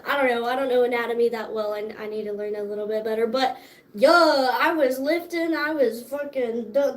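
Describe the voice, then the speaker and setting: A young woman hosting a casual livestream, chatting in a bubbly, profane way and laughing often, tired and sore after dance class. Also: high voice. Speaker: livestream host.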